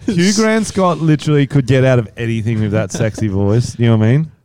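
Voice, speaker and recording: A man's voice: mid-range voice, brisk, slight background noise. A man from Australia, co-hosting a podcast with crude, laughing banter. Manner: animated, laughing, crude jokes. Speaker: podcast co-host.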